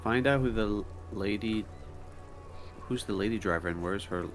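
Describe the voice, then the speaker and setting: Man, casual gaming chat, lowish voice, clear music under. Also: moderate pace. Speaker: co-player.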